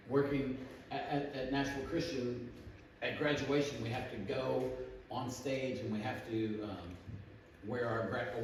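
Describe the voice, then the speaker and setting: A man preaching in a church, his voice picked up from a distance so that it rings with heavy echo and a steady noise underneath. He talks in a casual, halting way, restarting phrases as he goes. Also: mid-range voice. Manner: informal, frequent restarts and fillers. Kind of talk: conversational sermon. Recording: very echoey room, distant mic, background noise.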